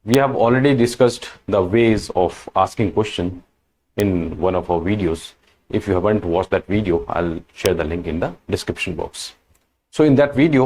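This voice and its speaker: A man teaching French question words in a slow, patient lesson, repeating each word and example. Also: fairly low pitch, darkish tone. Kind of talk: language lesson.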